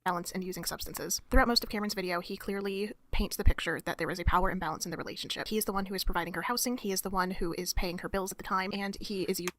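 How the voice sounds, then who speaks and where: Quick, firm woman narrating commentary. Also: mid-range voice, a bit bright, slight background noise. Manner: firm, indignant.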